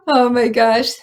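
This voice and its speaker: Animated young woman hosting a talk show. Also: fairly high pitch. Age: young adult. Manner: animated, ranting opinions. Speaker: podcast host. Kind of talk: casual interview chat.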